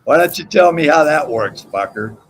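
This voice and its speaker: Gravelly trash-talking man on a livestream. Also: a little high, lively intonation, moderate pace, fairly bright tone, a little hiss or hum. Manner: profane, taunting, mocking. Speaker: livestream host. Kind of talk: heated livestream panel trash talk.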